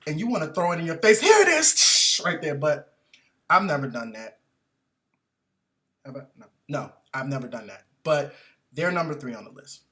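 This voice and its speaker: A man telling comic stories in an animated, profane, mocking rant about customers. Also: fairly high pitch, normal speed, pauses often. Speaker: comedian. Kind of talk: comedic storytelling rant.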